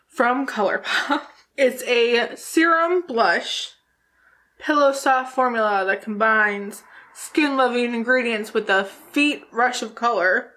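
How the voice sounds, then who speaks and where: A woman's voice: a little high, slow pace, pushed and bright. Tipsy, giggly woman vlogging makeup. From New Jersey, USA. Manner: rambling, giggly, swears freely. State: tipsy from drinking. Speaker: makeup YouTuber. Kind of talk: casual vlog chat.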